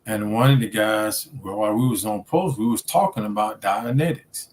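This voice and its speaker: A man, a student minister, talking as a guest in a casual storytelling interview, relaxed and conversational with many fillers. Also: on the low side, moderate pace, slight background noise.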